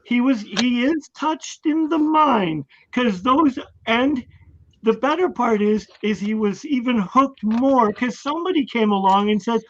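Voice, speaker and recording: A man's voice: very high voice, lively intonation, unhurried, a bit bright, muffled recording, slight background noise. A man co-hosting a talk show, casual, playful and teasing toward his guest. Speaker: co-host.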